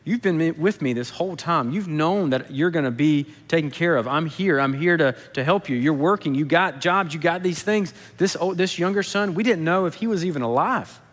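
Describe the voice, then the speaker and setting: A gentle, consoling father who speaks softly and steadily, as a preacher puts him on. His hushed words carry a long echo around a large hall. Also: fairly high pitch, normal speed, few pauses. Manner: soft, hushed, reassuring. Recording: echoey hall.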